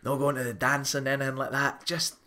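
A man's voice: mid-range voice, level tone, fairly quick, pushed and bright, lightly acted. A man putting on a rueful, grumbling middle-aged man with a thick Scottish accent.

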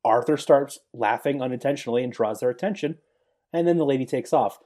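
A man hosting a podcast, casually recapping a film's plot with quick jokes. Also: medium pitch, mellow. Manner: joking, quick plot summaries. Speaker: podcast host recapping a film. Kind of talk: casual chat.

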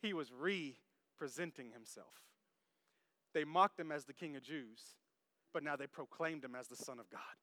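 A man preaching a sermon to his congregation, animated and jokey, who talks straight to the crowd. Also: a little high, normal speed, dry recording. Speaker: pastor. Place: church service.

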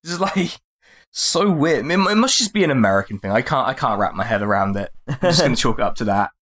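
A man's voice: medium pitch, animated, fast, a bit bright. A man co-hosting a podcast in casual chat, easygoing and swearing casually.

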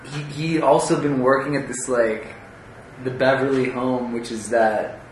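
Guy chatting about a book, kinda halting, hunts for words, echoey room. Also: mid-range voice, fairly even intonation. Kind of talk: casual chat. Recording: echoey room with faint background noise.

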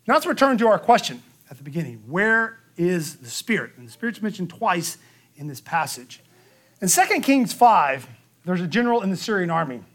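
A man preaching a sermon, telling the story lively and acting out the quotes, with a frequent "okay?" to the room. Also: high voice, moderate pace. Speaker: pastor.

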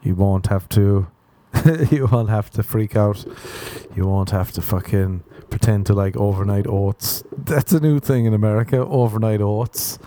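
A man's voice: fairly low pitch, dark tone. Crude rambling podcast man. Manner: crude, rambling, self-mocking, laughs at own jokes. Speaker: podcast host. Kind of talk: solo comedic podcast rant.

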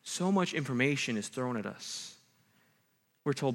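A man preaching a sermon in a fairly high, forceful voice. He talks like he is chatting with his listeners, asking them "right?" and "okay?" as he goes, switching between strong, loud points and quieter asides. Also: normal speed. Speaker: campus ministry pastor.

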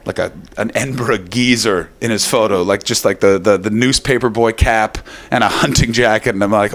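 A man's voice: on the low side, steady tone, fairly quick, fairly bright tone. A young adult man doing a comic storytelling monologue, swearing often, laughing at his own jokes and slipping into quoted voices.

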